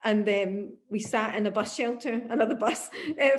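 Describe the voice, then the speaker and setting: Scottish woman, 50s, musician interviewee, animated storyteller, laughs a lot, slightly higher voice. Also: moderate pace, few pauses. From Glasgow, Scotland. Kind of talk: oral history interview.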